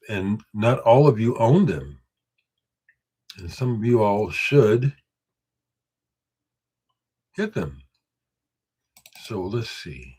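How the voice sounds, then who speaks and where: A musician hosts a casual live stream, answering viewers' comments and emphatically, boastfully hyping his own records. His voice is low-ish and dark, with a breathy edge.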